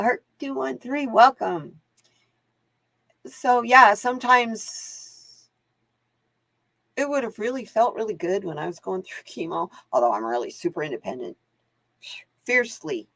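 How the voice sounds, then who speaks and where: A woman's voice: mid-range voice, lively intonation, a little slow, vocal fry, pauses often, a bit bright, no room sound. A woman hosting live card readings, chatting casually to viewers and laughing often as she wanders off into stories. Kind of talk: casual livestream chat.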